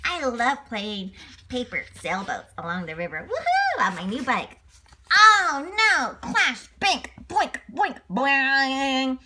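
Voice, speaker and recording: A woman voicing a curious, playful little monkey boy in a children's storybook, excitable and full of sound-effect words. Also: mid-range voice, normal speed, very noisy, pitched below the performer's own voice, natural voice. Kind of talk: children's storybook read-aloud.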